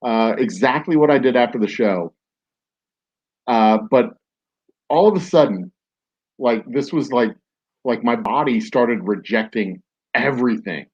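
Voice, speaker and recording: A man's voice: medium pitch, expressive, measured pace, long pauses, darkish tone, slightly rough, lo-fi sound. A man hosting a podcast, telling a story casually, rambling with many fillers and restarts. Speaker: podcast host.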